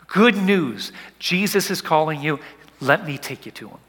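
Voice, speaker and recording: Male pastor, bright voice, fairly high, dramatic sermon delivery, long hall reverb. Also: lively intonation, moderate pace, slightly rough. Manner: dramatic, swinging from soft whispers to loud urging.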